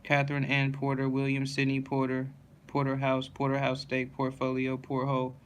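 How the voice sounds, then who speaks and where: Flat-voiced man reading a word list. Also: medium pitch, normal speed, slight background noise. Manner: flat, steady word-by-word reading with small slips and self-corrections.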